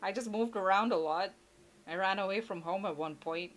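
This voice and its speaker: A woman's voice: medium pitch, normal speed. A woman from India who runs a channel, giving blunt, playful advice to viewers in a casual chat from home, laughing easily. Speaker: YouTuber answering viewer questions.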